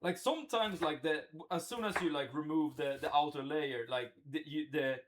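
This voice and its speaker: With background noise behind him, a man of fairly high pitch talks at a moderate pace while cooking live in his home kitchen. He chats with viewers and thinks out loud in casual commentary.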